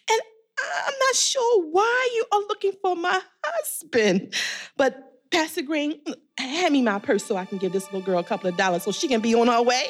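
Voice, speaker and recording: Casting: a woman as a high-strung first lady of a church, high, swooping and demanding, in an audio drama. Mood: condescending. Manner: theatrical, demanding, swoops in pitch.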